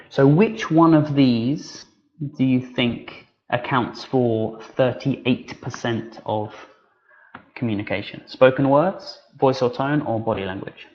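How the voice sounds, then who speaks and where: In an online teacher-training session, a man talks in a loose, conversational way, filling pauses and restarting sentences as he goes. His pitch is an ordinary middle, and the webinar audio sounds a little dull. He comes across as relaxed, with many fillers and restarts.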